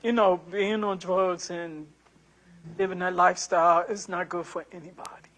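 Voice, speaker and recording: A woman in her sixties, a prospective juror, answering questions in a courtroom in an earnest, soft-spoken, apologetic way. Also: on the low side, steady tone, normal speed. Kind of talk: answering jury selection questions.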